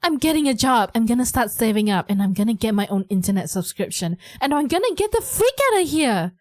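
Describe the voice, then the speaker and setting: A woman voicing a moody, sarcastic teenage girl from a story-driven game, reading her lines aloud in a bratty tone that turns to shouting when upset. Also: medium pitch, normal speed, no room sound, lightly acted. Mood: furious.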